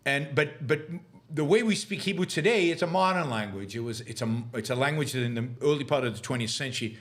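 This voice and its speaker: Middle-aged male host, live Q&A, argumentative, stumbles and restarts often, mid-pitched. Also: fairly bright tone. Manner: halting with many restarts and fillers, argumentative. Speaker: podcast host answering live questions. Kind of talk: livestream commentary and Q&A.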